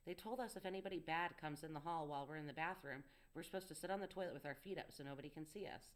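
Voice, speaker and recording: A woman's voice: sits low, racing, natural voice. Scared little schoolboy, read by a woman. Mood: wary. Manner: quiet, solemn, matter-of-fact. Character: frightened small schoolboy, wary. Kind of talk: audiobook dialogue reading.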